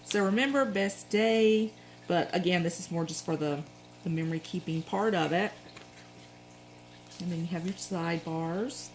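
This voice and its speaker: A middle-aged woman with a Southern accent talks in a low, easygoing voice. She chats and rambles, often stopping to correct herself mid-sentence. A faint hum sits underneath the recording. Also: moderate pace, rough recording. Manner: chatty, rambling, frequent self-corrections. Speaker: planner vlogger. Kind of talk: casual show-and-tell chat.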